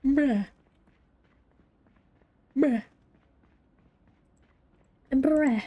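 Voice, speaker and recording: A woman speaks at normal speed in a slightly high, warm voice, pausing often. During her live gaming stream she reads chat and talks to viewers in a teasing, mock-formal manner.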